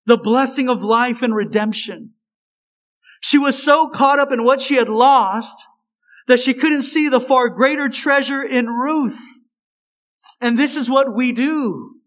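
A male preacher giving an expository sermon, swinging between raised, emphatic lines and hushed, low asides. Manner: slow, deliberate delivery.

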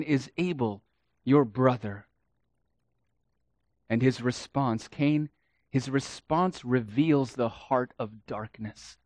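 Dramatic preacher, a man, slow and dry. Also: a little high, dry recording. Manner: dramatic, swings between hushed and loud, acts out quotes. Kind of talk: sermon.

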